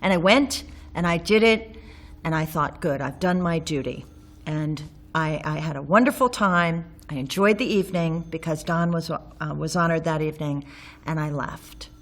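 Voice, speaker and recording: Low-voiced woman telling a personal story. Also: moderate pace. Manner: candid, wry, with some sarcasm; frequent ums and self-restarts while recalling. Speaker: interviewee recalling local history.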